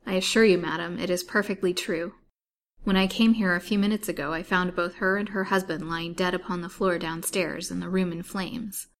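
A woman reading aloud in the voice of a courteous male detective, formal and measured. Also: lowish voice, fairly even intonation, natural voice.

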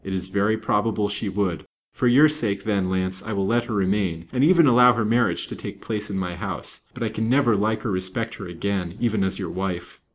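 A man's voice: lowish voice, fairly quick, close to an everyday voice. A man voicing a blunt, protective older banker who speaks grimly and forthrightly in a storybook reading. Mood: cordial. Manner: grim, forthright.

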